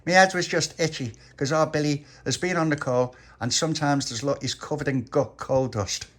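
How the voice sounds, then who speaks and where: A shrill, indignant little boy protests loudly and drags out his denials, as a man puts him on in a storybook telling. The voice is pushed well above the man's own and gets forceful. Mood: protesting. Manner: loud protesting denials, drawn-out. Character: indignant itchy little boy, loud and defensive.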